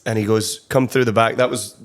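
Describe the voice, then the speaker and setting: A man's voice: lowish voice, steady tone, fairly quick. A young man from Scotland with a Scottish accent, chatting casually as a podcast guest and rambling with lots of fillers. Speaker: guest, country songwriter. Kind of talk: casual interview chat. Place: studio.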